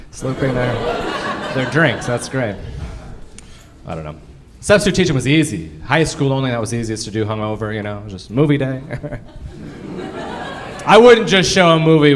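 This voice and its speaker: Young male stand-up comic on a handheld mic, slightly high voice, crude self-mocking bits, faint live-room noise. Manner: crude, self-mocking, punchy with bursts of shouting. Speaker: stand-up comedian. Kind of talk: stand-up comedy set. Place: comedy club stage before a live audience.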